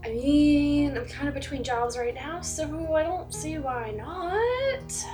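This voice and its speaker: A woman's voice: high-pitched, expressive, takes it slowly, dark tone, faint music behind. A woman voicing a wary, hesitant psychiatrist character in a tabletop game, in her own voice. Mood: dry. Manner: hesitant, hedging.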